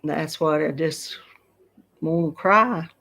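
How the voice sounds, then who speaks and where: A grandmother in her fifties from Georgia hosts a YouTube craft channel, chatting casually with viewers on a home live stream and laughing often. Her low voice is slow and fairly bright, with vocal fry, and her Southern US accent is clear.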